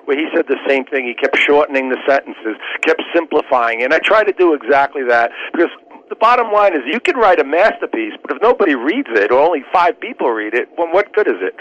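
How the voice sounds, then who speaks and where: Earnest lawyer on muffled radio. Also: male voice, a little high, expressive, brisk, fairly bright tone. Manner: earnest, explanatory, talks in lawyerly terms. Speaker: trial lawyer and author, radio guest. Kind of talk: persuasive radio interview answer. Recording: dull lo-fi radio sound.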